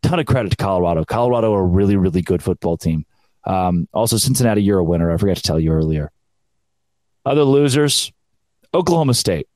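Young man, low-pitched solo podcast host, mocking and animated, dry booth sound. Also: fast talker, no room sound. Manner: sarcastic, animated, mocking quoted fans. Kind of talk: solo sports podcast rant.

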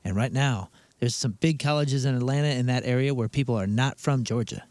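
Brief: Missouri-accented co-host, a man, rambling and animated, dry studio sound. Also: medium pitch, brisk, no room sound. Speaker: radio show co-host and band singer. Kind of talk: casual studio banter. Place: radio studio.

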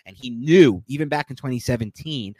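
A man co-hosting a sports podcast, talking casually in a rambling, animated way and often correcting himself mid-sentence. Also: medium pitch, a little fast, dry recording. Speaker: podcast co-host.

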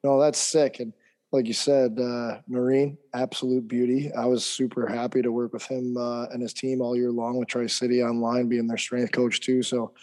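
A man co-hosts a casual podcast, hyped and playful. His voice sits dark and mellow, and he throws in easy bro slang. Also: mid-range voice. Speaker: podcast co-host and strength coach.

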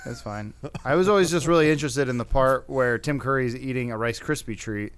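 A man's voice: mid-range voice, fairly quick, clean tone. A man co-hosting a podcast, adding wry asides and questions in casual movie commentary. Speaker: podcast co-host.

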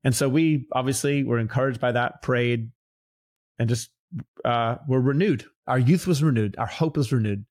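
A young man telling a faith story in an earnest, animated way during a casual conversation. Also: medium pitch, moderate pace, dry recording, studio quality. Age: young adult. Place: Los Angeles.

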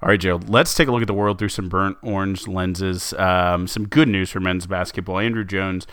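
A man's voice: sits low, steady tone, moderate pace, fairly bright tone, clean tone, no room sound. A man co-hosting a sports podcast, chatting casually with lots of fillers and restarts. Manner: chatty, many fillers and restarts, laughs easily. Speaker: podcast co-host.

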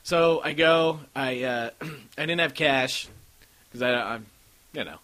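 A man's voice: medium pitch, slow, bright, forceful tone. A man hosting a casual podcast, rambling through stories and acting out what others said. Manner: rambling storyteller, acts out quotes. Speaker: podcast host.

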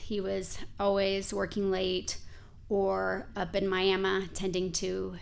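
A woman's voice: mid-range voice, completely flat delivery, takes it slowly, vocal fry, clean tone. A woman in her forties telling a personal story in a candid, conversational way, with frequent filler words.

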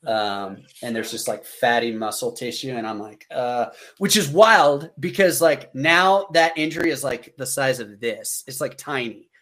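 A man's voice: normal speed, few pauses. A man in his thirties, a military veteran, telling a story casually and animatedly, lifting his voice to act out what people said. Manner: animated, acts out quotes with raised pitch.

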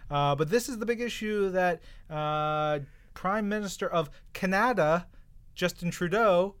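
Man, podcast co-host, casual comics chat, jokey, clear smooth voice. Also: high voice, a little slow, a bit bright. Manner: enthusiastic, jokey, puts on silly voices.

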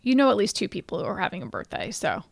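Gravelly-voiced female podcast co-host. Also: mid-range voice, sing-song, quick pace, no room sound. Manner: chatty, giggly storyteller of corny puns. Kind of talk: casual chat.

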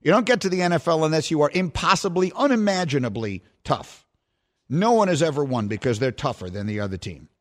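Man, sports radio host, emphatic, scornful, lively pitch, fairly high voice. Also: brisk. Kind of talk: opinionated sports commentary.

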